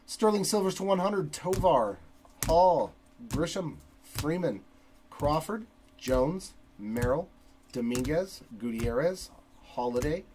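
Slow-spoken man reading name lists. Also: a little high, slight background noise, rough recording. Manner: rattles off long lists of names in a steady cadence. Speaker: card break host. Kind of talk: live card break recap, reading names.

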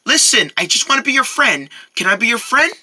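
A woman voicing a cheerful, boastful little pet cat in a children's show, talking eagerly in a slightly lower voice than her own. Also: sing-song, a little fast, pushed and bright, exaggerated voice. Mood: earnest.

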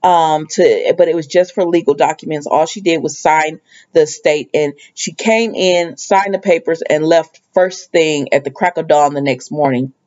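A woman's voice: low-pitched, normal speed, a little mellow, lo-fi sound. A woman casually recapping a soap opera episode, chatty and acting out the characters' lines as she retells them. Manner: chatty storyteller, acts out quoted lines.

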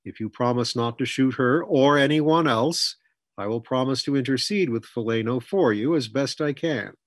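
A man's voice: mid-range voice, no room sound, lightly acted. A man doing Fletcher, a firm earnest mentor. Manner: measured, persuasive, earnest. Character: Fletcher, calm firm older male mentor.

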